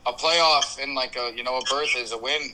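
A man's voice: mid-range voice, fairly quick, a loud crowd, poor audio. A man chatting casually on a podcast, rambling through his points with lots of fillers. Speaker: podcast co-host. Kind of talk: casual chat.

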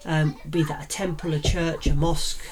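A woman's voice: low-pitched, little pitch movement, normal speed, darkish tone. A woman from Yorkshire with a Yorkshire accent, co-hosting a podcast in casual chat, rambling with many fillers and frequent laughter. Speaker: podcast co-host. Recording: noisy home recording.

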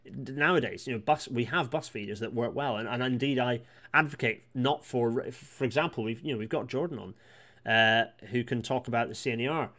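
A man's voice: medium pitch, fairly bright tone. A man hosting a live read-through, reading passages aloud and breaking off into rambling asides full of restarts. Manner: rapid, with many restarts and asides. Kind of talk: casual live-stream commentary on a historical report.

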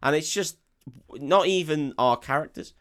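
A man's voice: a little high, normal speed, a crowd in the background. A young man co-hosting a casual film podcast, swearing freely, mocking, and dropping into silly voices and hummed tunes. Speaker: podcast co-host. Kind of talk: casual film review chat.

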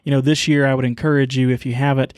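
A man co-hosting a podcast, giving casual closing remarks in a halting way, full of fillers and restarts. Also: mid-range voice, flat delivery, no room sound, studio quality. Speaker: podcast co-host.

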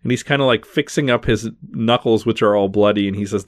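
A man with a lowish voice walks through a film scene by scene, casual and chatty, leaning on "like" and "um". He is recorded close and dry, with no room sound. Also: fairly quick, no room sound. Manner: recaps scenes in detail, many fillers.

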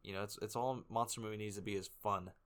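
Man, low voice, casual podcast chat, joking, relaxed, movie reviewer. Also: fast talker, smooth. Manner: relaxed, joking, laughs often.

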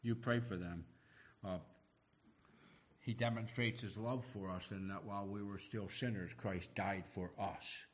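A middle-aged man preaching a sermon, animated and acting out the voices he quotes. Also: fairly low pitch, a little slow. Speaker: pastor.

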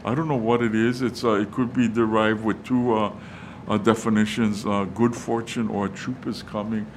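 Give me a male preacher reading Scripture in a halting, filler-heavy way, with faint background noise. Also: fairly low pitch, little pitch movement, rough recording. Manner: halting, many fillers and restarts; reads verses and acts out quotes casually. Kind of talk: sermon on Scripture.

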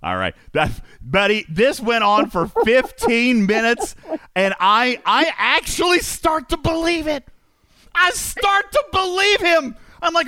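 A man's voice: very high voice, sing-song, unhurried, sharp tone. A man hosting a casual stream, telling a story with lots of laughter and animation. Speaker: host.

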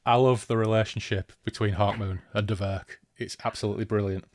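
A man's voice: fairly low pitch, steady tone, fairly quick, a little mellow, dry recording, studio quality. A man hosting a casual podcast discussion of a fantasy novel, who talks enthusiastically and thinks aloud.

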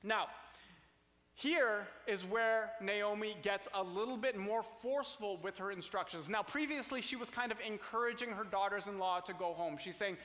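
Bright-voiced man teaching in a hall. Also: sits high, moderate pace. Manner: conversational, paraphrasing and explaining with asides. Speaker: Bible teacher. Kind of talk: explanatory Bible study teaching.

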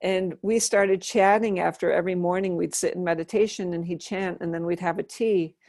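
A woman's voice: lowish voice, steady tone, a little fast, darkish tone, no room sound, clean studio sound. A middle-aged woman telling her life story in an interview, earnest and thoughtful, often restarting her sentences. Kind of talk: reflective personal storytelling.

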